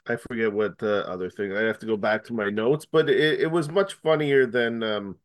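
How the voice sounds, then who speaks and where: A man talking casually about movies in a relaxed, hesitant way with frequent pauses. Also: on the low side. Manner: easygoing, hesitant, many ums and restarts.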